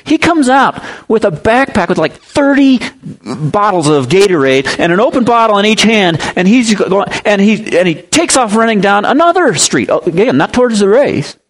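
Animated male preacher telling a story. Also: moderate pace. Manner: animated storyteller, swings pitch for emphasis; explains Greek word meanings. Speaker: pastor. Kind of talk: sermon with storytelling.

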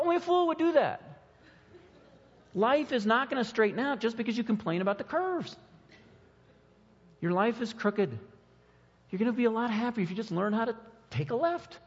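A man preaching a sermon as pastor, animated and sometimes mocking as he acts out quotes. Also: very high-pitched, husky, in a large hall, dull audio.

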